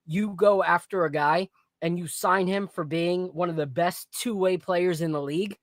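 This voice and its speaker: A podcast host in casual chat about basketball and whiskey, blunt and animated, with plenty of slang. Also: mid-range voice, normal speed, no echo, studio quality.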